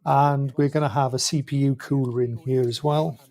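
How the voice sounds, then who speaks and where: A man's voice: medium pitch, steady tone, normal speed, darkish tone. A British man streaming live from home, chatting casually and rambling as he shows off parts for a new computer. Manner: rambling, self-correcting, chatty. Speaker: streamer building a PC.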